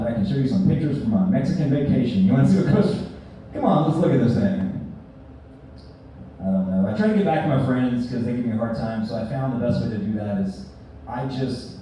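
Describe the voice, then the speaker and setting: A man's voice: medium pitch, warm tone, highs cut off, slight background noise. A man from North Carolina doing a stand-up comedy set in a bar, with a dry, conversational delivery. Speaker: stand-up comic. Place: bar stage with audience. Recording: distant, echoey bar room recording.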